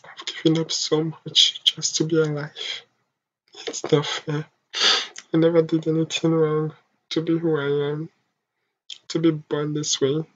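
A young adult vlogger from Africa, speaking in a soft, halting, emotional confessional monologue. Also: mid-range voice, completely flat delivery. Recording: dull lo-fi home recording.

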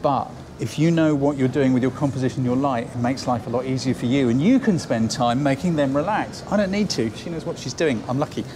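A man's voice: medium pitch, a little fast, few pauses, background noise. Chatty man teaching photography. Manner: chatty, encouraging, thinks aloud while shooting. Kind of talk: on-location photo lesson. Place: outdoors then inside a building on a shoot.

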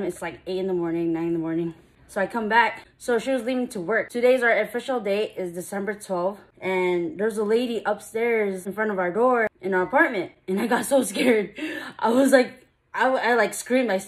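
A young woman vlogging casually, chatty and excitable, sometimes breaking into happy tears. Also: medium pitch, fairly quick. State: out of breath. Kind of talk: casual vlog, opening an anniversary gift.

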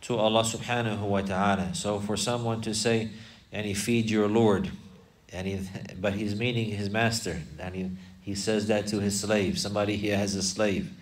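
A man's voice: fairly low pitch, recorded from a distance. A man teaching a religious class, explaining word by word and repeating key phrases.

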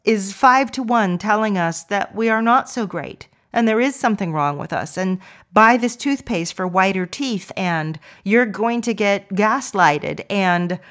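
A middle-aged woman hosts her own podcast, chatting loosely with frequent laughs. She moves into slow, gentle affirmations addressed straight to the listener. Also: medium pitch, expressive. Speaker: podcast host. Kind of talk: casual affirmation talk.

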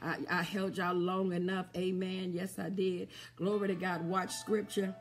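A woman preacher giving a sermon, repeating refrains and asking the congregation if they hear her, building up to shouts. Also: on the low side, flat delivery, unhurried.

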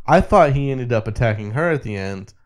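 A man co-hosting a podcast, casually recapping a movie in an animated way and laughing often. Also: mid-range voice, brisk. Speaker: podcast co-host.

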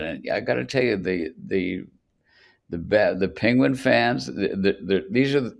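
An older man with a low, creaky voice appears as a songwriter guest on a podcast. In this interview he tells long anecdotes, restarting his sentences many times.

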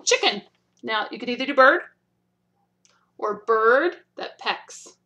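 A woman's voice: on the high side, animated, bright, forceful tone. A woman teaching signs in a video lesson, patient, demonstrating each one and often checking in with "okay?". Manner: demonstrates slowly, repeating each word. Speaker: sign language teacher.

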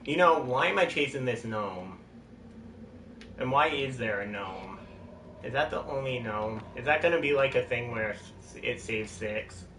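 A man's voice: medium pitch, lively intonation, unhurried, fairly bright tone. Man streaming a game, roomy and distant. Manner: jokey, jumpy outbursts. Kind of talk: casual gameplay commentary. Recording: roomy, distant mic, noisy.

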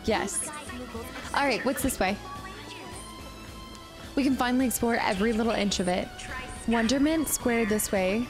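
A young woman streaming a video game, chatty and excitable, thinking aloud as she plays. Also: a little high, moderate pace, long pauses, over music. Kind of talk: casual let's-play commentary.

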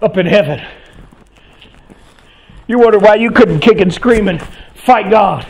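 A man preaching in a church with a remarkably high voice and a gravelly edge. His sermon is fervent, rising to shouted calls and then falling to a near whisper. He works through it with the rhythm of a seasoned preacher. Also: a little slow, rough recording. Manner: impassioned, shouting into preaching peaks, dropping to a hush.

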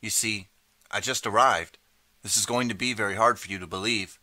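A man's voice: fairly low pitch, steady tone, normal speed, pushed and bright, dry recording. A man doing an earnest young time traveler.

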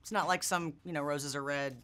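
A woman's voice: sits low, steady tone, a little fast, a bit bright, a little hiss or hum. A woman interviewing film actors with playful, teasing questions. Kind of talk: press junket interview.

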